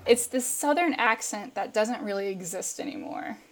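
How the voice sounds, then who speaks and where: A woman's voice: mid-range voice, expressive, normal speed. A woman speaking as a guest commentator in casual chat, chatty and full of fillers and laughs.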